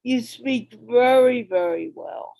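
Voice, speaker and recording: A woman's voice: on the high side, takes it slowly, creaky, warm tone, no room sound, poor audio. A woman hosting an English conversation show on a video call, coaching a learner in an emphatic way and repeating words for stress. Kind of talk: encouraging casual chat.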